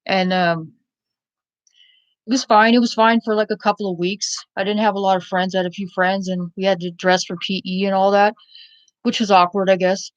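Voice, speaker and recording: A woman's voice: medium pitch, flat delivery, moderate pace. A woman in her forties talks through a personal story, candid and rambling, with plenty of fillers and restarts. Her voice sits in a middling range. The recording is dull and lo-fi, with no room echo at all. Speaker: vlogger. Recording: dull lo-fi sound, dry.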